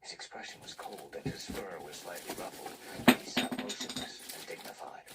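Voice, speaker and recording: Low hushed male whispered storytelling. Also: brisk. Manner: hushed, breathy reading of a novel. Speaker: narrator. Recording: distant mic with loud background noise.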